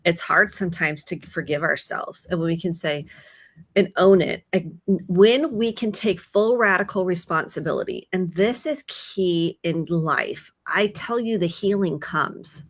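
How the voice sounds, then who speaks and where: A middle-aged woman therapist giving calm, reassuring advice in conversation, slowing down as she coaches. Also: fairly low pitch.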